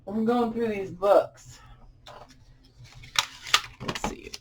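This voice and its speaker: A vlogger chatting casually and musing aloud in a soft, unhurried way while sorting through boxes at home. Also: mid-range voice. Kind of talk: casual unboxing chat. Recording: clear background noise.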